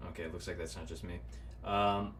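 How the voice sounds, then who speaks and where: A man running the stream, dropping in short, quiet, offhand remarks. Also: low voice, fairly even intonation, a little fast. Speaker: stream operator. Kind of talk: casual livestream chat. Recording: distant mic with faint background noise.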